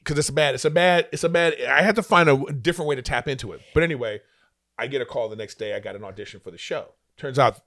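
A comedian and actor telling animated stories as a guest in a casual interview, acting out what people said to him. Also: male voice, mid-range voice, fast, no echo, clean studio sound.

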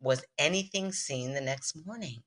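A woman podcast co-host in casual chat who reacts to a story with quick interjections and jokes. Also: rumbling low.

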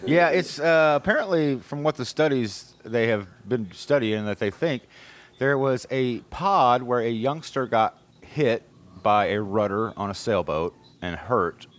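A man's voice: medium pitch, a little slow. A man hosting a podcast in a rambling, casual way, laughing often. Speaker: podcast host. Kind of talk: casual chat.

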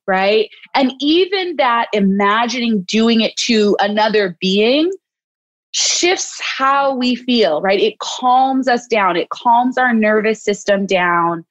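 A woman clinical psychologist, a guest in an interview, speaking gently and reassuringly. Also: fairly high pitch, takes it slowly, dry recording, dull audio. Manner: gentle, reassuring, acts out soothing self-talk. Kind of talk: interview conversation.

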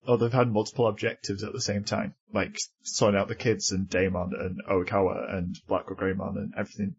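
Guy with a husky voice riffing wryly on cartoons, dull lo-fi podcast audio. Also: on the low side. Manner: wry, chatty, laughs often. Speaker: podcast co-host. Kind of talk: casual episode review chat.

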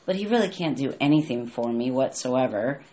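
A woman's voice: very deep voice, animated, a little fast, lo-fi sound. An older woman, a grandmother, talking casually about prayer and her grandson, with many restarts. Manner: warm, rambling, restarts sentences. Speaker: co-host. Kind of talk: casual conversation about faith.

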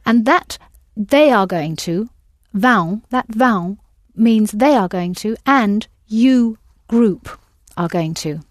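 A woman's voice: medium pitch, lively intonation, slow pace, hardly any pauses, no room sound, studio quality. A woman teaching a language lesson, patiently prompting her students with questions.

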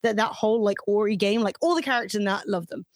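A woman's voice: mid-range voice, fast, dry recording, studio quality. A woman streamer, a podcast guest who talks casually, rambling, thinking aloud and laughing.

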